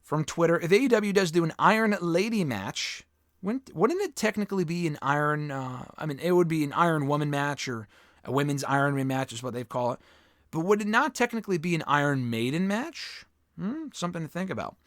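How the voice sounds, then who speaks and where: Brisk and expressive, a man with a fairly high, fairly bright voice works through fan questions on his solo mailbag show while losing his voice. He's casual and opinionated, rambling with restarts and the odd curse. Studio quality, no echo.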